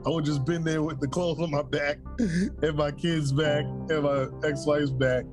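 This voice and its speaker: A man's voice: fairly high pitch, measured pace, over music. A man in his thirties, a podcast co-host, telling stories in a casual chat and laughing often. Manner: animated, laughs often, storytelling.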